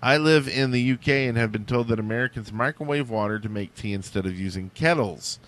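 A man's voice: mid-range voice, a little fast, a bit bright. A man co-hosting a podcast in casual chat, throwing in absurd jokes. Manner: joking, absurd non sequiturs. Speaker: podcast co-host.

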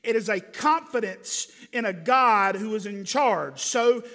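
A man preaching a sermon as pastor in a church, earnest, turning soft and gentle. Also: high-pitched, a little slow, big-room sound. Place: church sanctuary.

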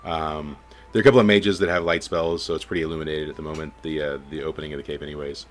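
A man narrating as game master of a tabletop game, relaxed and full of fillers. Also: very deep voice, rapid-fire.

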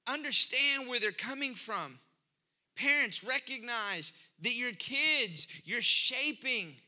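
Male pastor, very high voice, bright tone, animated conversational sermon delivery. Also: slow pace. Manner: conversational, animated preaching with rising emphasis.

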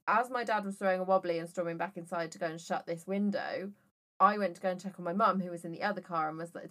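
A woman's voice: lowish voice, fairly bright tone. A woman in her thirties, co-hosting a podcast and telling rambling anecdotes in casual chat, swearing freely. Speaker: podcast co-host.

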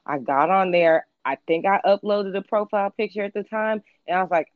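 A woman's voice: mid-range voice, a little fast, dry recording. Playful woman on a dull dry mic. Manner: playful, laughs and acts out quotes. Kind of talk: casual storytelling chat.

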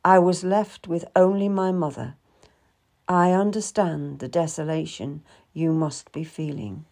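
A woman voicing a polite, charming young male secretary in an audiobook, speaking gently and courteously. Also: low-pitched, steady tone, measured pace, creaky. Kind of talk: audiobook reading.

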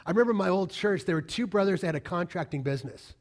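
A man's voice: sits high, animated, fast talker. A middle-aged man preaching a sermon as pastor, emphatic, repeating key lines and asking the congregation questions.

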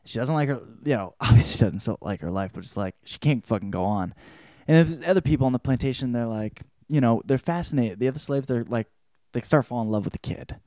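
Male podcast host, casual profane book-report rambler, middle-pitched voice, dry close sound. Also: expressive, fast, no echo. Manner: profane, rambling retelling with sudden loud quoted outbursts.

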